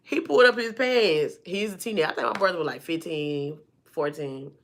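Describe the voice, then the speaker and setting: A woman vlogger telling a personal story to her viewers in a lively, chatty way, calling them y'all and honey and acting out the people in it. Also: sits low, fairly quick, a little hiss or hum. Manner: acts out the people in her stories.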